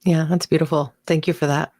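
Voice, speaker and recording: Low-voiced woman podcast host, dry sound. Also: fairly even intonation, brisk, a little mellow, no room sound. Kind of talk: casual interview chat.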